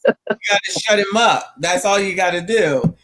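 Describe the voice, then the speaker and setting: A podcast host with a fairly high voice drops in short, wry remarks. He sounds distant, as if he is off-mic across the room. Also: normal speed, a bit bright.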